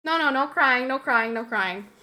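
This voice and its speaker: A woman's voice: high voice, expressive, moderate pace, sharp tone. A young woman streaming and chatting casually with her live audience. She talks emotionally, repeats her phrases, laughs often and answers her chat aloud.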